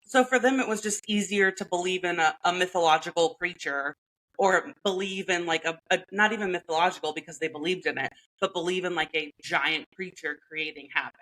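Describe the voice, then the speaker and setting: A woman with a low voice co-hosts a podcast and talks in a loose, playful way. She laughs often and fills her sentences with "like". It sounds like relaxed chat between friends. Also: brisk, low-quality recording. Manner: chatty, playful, laughs often, many "like" fillers. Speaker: podcast co-host. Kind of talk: casual chat.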